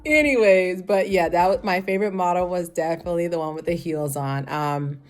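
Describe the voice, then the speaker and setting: A woman's voice: on the low side, flat delivery, a little fast, a little mellow. A woman in her thirties giving a casual, rambling review, full of "like" and frequent laughter. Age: 30s. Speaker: fashion show reviewer.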